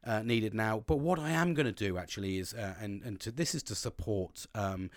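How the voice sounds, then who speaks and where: A man's voice: on the low side, moderate pace, no echo. A man hosting his own podcast, talking casually and candidly with lots of swearing and restarts. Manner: rambling and candid, heavy swearing, many restarts. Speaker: podcast host. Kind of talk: casual solo podcast monologue. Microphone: own podcast microphone.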